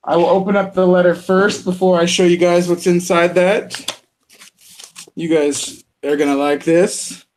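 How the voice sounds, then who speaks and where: A man with a slightly higher voice hosts a podcast, chatting casually while he unboxes a package live. He laughs a lot and pokes fun at himself. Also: level tone, unhurried, slight background noise. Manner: laughs often, self-deprecating. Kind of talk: casual chat.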